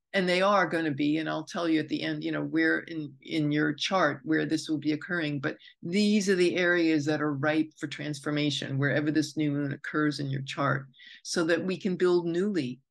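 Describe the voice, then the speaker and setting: A woman's voice: deep voice, steady tone, normal speed, creaky. A woman astrologer hosting her own podcast, talking unscripted in a meandering, reflective way, correcting herself and drifting into asides. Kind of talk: unscripted spoken monologue.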